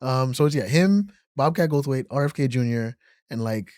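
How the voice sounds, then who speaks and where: A man co-hosting a podcast, bantering in an animated way with plenty of swearing. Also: mid-range voice, moderate pace, clear, resonant tone, no room sound, studio quality. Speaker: podcast co-host. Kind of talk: casual chat.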